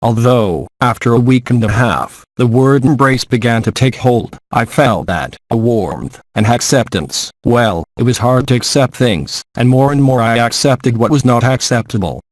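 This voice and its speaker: A man reading an English voice-over translation of a spiritual gathering in a measured, steady way, close to the mic. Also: medium pitch, no room sound.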